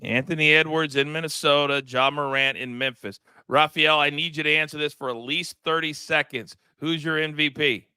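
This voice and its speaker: A man hosting a live sports betting show, leading the panel with emphatic, energetic talk. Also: on the high side, normal speed, hardly any pauses, smooth, no room sound. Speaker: host.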